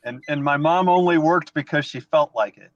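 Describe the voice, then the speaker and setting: A man's voice: fairly high pitch, moderate pace, dull audio, a little hiss or hum. A man chatting as a guest on a livestream in a brief, matter-of-fact way. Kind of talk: casual chat.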